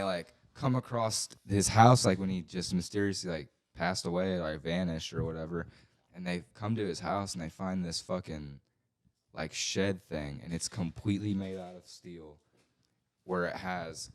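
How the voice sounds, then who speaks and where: A young man co-hosting a podcast, telling stories in laid-back, slangy casual chat. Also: sits low. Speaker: podcast co-host.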